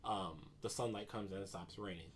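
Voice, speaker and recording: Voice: low voice, normal speed, slight background noise. Rambling podcaster retelling a movie. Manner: rambling, hesitant retelling with many ums. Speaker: podcast co-host recapping a movie. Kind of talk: casual chat.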